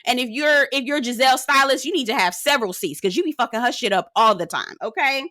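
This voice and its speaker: A woman with a fairly high, sharp and bright voice rants through a reality TV recap. She is sassy and emphatic, swears freely, and mimics the people she talks about. The sound is close and dry. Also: fast talker, hardly any pauses, no room sound. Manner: profane, sassy and emphatic, mimicking cast members. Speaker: reality TV reviewer. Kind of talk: ranting episode recap.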